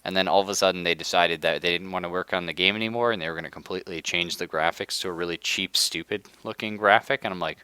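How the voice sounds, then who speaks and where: A young man live-streaming a strategy game, hoarse from being sick, ranting in casual chat and laughing often. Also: low-pitched, fast talker, bright, forceful tone, dry recording. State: hoarse from illness. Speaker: livestreamer.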